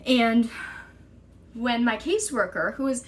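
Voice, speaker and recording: In an expressive, slightly high voice, a young woman vlogs a personal story to camera. Her retelling is urgent and exasperated, with fast bits of quoted dialogue.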